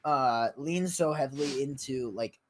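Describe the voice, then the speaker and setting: A young man hosting a casual podcast, easygoing and quick to laugh, with loose fillers. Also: mid-range voice. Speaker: podcast host.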